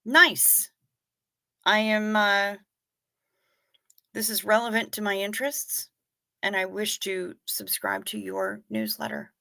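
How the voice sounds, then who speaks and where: Chatty woman streamer with a bright voice. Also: mid-range voice, little pitch movement, vocal fry, no room sound. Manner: chatty, reacting to comments with quick asides. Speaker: livestream host reading chat. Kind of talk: casual chat.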